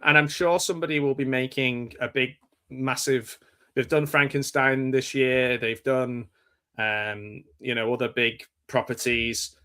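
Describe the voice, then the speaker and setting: A man's voice: mid-range voice, sharp tone, clear, resonant tone. An English man co-hosting a casual horror-movie podcast, rambling through his thoughts with self-deprecating jokes. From England. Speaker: podcast co-host.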